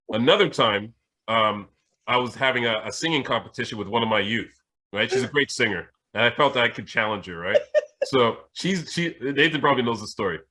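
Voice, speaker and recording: Jamaican-born guy on a podcast spinning a story, husky but punchy voice, keeps restarting his sentences. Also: mid-range voice. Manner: animated anecdote telling with frequent restarts. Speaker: spiritual teacher and podcast host. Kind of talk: casual storytelling chat.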